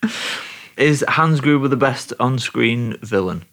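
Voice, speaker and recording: A man hosting a casual chat, wry and quick to laugh as he asks questions. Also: mid-range voice, animated, a bit bright.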